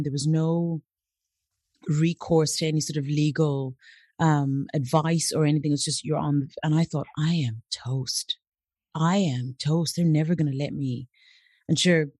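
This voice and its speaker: A woman in her late thirties, originally from Africa, tells personal stories as a guest in an interview, animatedly performing the voices of the people involved. Her voice sits low, and the recording is dry.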